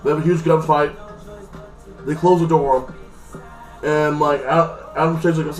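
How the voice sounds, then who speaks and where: A man's voice: on the high side, fairly even intonation, unhurried, pauses often, faint music behind. A man casually recapping a TV episode, rambling with lots of fillers and acting out lines in quotes. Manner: rambling, filler-heavy, retells scenes in quotes. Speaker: TV episode reviewer. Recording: echoey room, mic at a distance.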